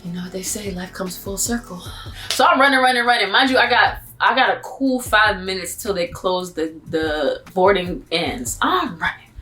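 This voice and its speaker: A young woman from Miami, telling a vlog story in a casual, animated, slangy way and acting out her own asides. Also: mid-range voice, normal speed. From Miami, Florida. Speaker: vlogger.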